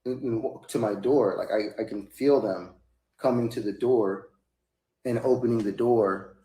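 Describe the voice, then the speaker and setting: A man telling a long personal story in a casual, rambling way, sometimes rising into high, loud bursts. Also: measured pace. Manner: rambling, rising to high-pitched outbursts when quoting himself. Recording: echoey room.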